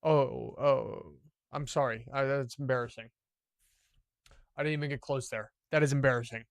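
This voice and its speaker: A man streaming live gameplay, commenting as he plays, boastful and profane, swinging from loud excitement to low muttering. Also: a little fast, no room sound, clean studio sound.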